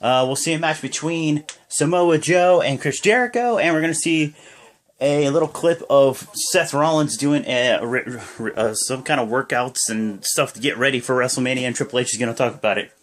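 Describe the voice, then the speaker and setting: A man's voice: medium pitch, moderate pace. A sleepy young man giving rambling, casual reaction commentary, often stopping to correct himself. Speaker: wrestling reaction vlogger.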